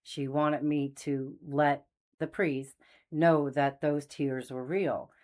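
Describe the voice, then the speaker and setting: A woman's voice: low-pitched, fairly even intonation, slow pace, darkish tone. A middle-aged woman hosting a faith channel, telling her story in a casual, meandering way and losing her train of thought. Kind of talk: casual spoken testimony.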